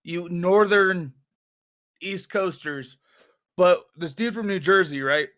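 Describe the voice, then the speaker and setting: A man with a high-pitched voice tells a long, rambling anecdote. He swears freely and circles back on his points. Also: slow pace, fairly bright tone. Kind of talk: casual storytelling.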